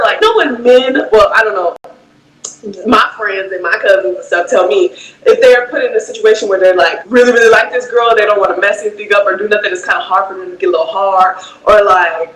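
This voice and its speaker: Bright-voiced, high-pitched woman, dramatic casual storytelling, echoey room. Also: brisk, slight background noise. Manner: animated, dramatic, acts out dialogue.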